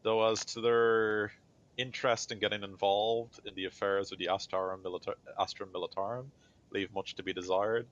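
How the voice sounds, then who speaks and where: A man voicing a composed female general who testifies at a trial in a measured, deferential way, on a dull lo-fi recording. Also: on the low side, level tone, a bit bright, natural voice.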